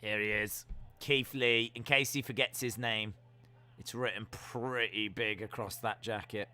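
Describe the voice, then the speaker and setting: A man giving jokey live reactions while watching a wrestling show, now and then letting out sudden loud yells. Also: on the low side, steady tone, measured pace. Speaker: wrestling watch-along streamer.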